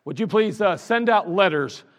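A man's voice: high-pitched, animated, moderate pace, a bit bright. A man preaching a sermon as pastor, in a conversational style, reading scripture aloud and acting out little everyday scenes. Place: church sanctuary. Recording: long reverb of a church sanctuary.

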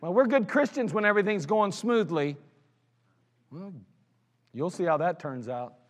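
A man's voice: sits high, animated, normal speed. A man preaching a sermon as a pastor, blunt and scolding, with mocking asides. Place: church sanctuary. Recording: long hall reverb of a church sanctuary.

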